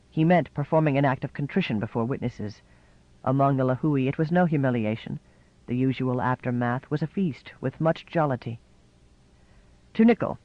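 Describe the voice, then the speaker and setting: A man's voice: mid-range voice, no room sound. Man narrating a novel, dry lo-fi sound. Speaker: audiobook narrator. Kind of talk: scripted narration.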